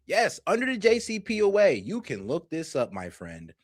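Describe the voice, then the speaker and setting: Animated, slangy male streamer. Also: high-pitched, moderate pace, no echo, clean studio sound. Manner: animated, slangy and profane, talks straight to the viewers. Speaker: political commentary streamer. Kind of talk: casual reaction commentary.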